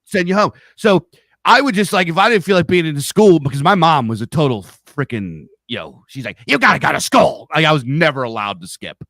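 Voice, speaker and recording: A man's voice: fairly high pitch, animated, brisk, a bit bright, no echo. Rambling Pennsylvania-accented man, dry sound. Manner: rambling storyteller, swears freely. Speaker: podcast host. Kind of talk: casual chat. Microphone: studio mic on a live stream.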